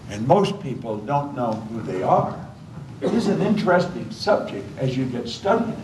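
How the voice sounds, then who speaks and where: A man's voice: medium pitch, darkish tone, a little hiss or hum. An older man giving a motivational seminar talk. He tells stories emphatically and repeats key phrases. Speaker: motivational speaker. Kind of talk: seminar talk to a live audience. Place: hotel function room. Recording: echoey hall, voice from far off.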